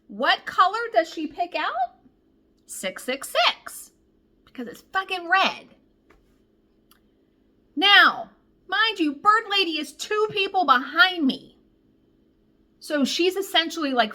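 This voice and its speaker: Female craft vlogger, lively storyteller, bright voice, fairly high, salty language. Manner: animated, profane, exasperated storyteller. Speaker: cross-stitch vlogger. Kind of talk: casual storytelling.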